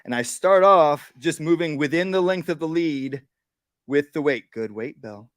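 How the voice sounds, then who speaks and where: A man, a dog trainer, giving a live workshop demonstration. He explains each step plainly, often checks in with "right?", and breaks off to give short, calm commands to a dog. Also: a little high, moderate pace, clear, resonant tone, dry recording, clean studio sound.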